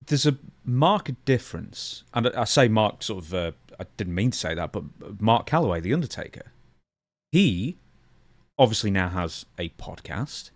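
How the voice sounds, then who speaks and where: A man co-hosting a podcast, talking through points in a measured, thoughtful way. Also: lowish voice, very animated, dry recording. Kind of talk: casual podcast chat.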